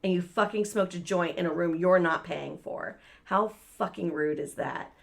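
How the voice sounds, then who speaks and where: A woman's voice: on the low side, normal speed, vocal fry. A woman co-hosting a podcast, telling a long story in casual chat, swearing a lot and acting out the voices of the people in it. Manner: profane, animated, acts out quoted voices. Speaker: podcast co-host.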